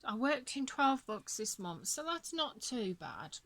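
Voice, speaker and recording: A woman's voice: a little high, sing-song, unhurried, fairly bright tone. A tired woman chatting casually about her coloring pages, yawning and apologetic. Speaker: coloring channel host. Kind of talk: casual show-and-tell chat.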